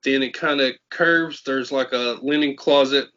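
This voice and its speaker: A man from Tennessee, co-hosting a podcast and telling his own ghost story in a quick, chatty way. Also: mid-range voice, fairly even intonation, noisy background. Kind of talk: casual chat. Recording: muffled lo-fi podcast audio.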